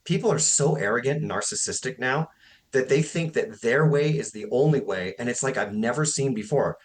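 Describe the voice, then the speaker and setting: This is a man in his forties talking as a podcast guest. He is a fitness coach with a passionate, opinionated manner and leans hard into his points, at an average pitch. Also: lively intonation, fairly quick. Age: 40s. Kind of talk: podcast interview conversation.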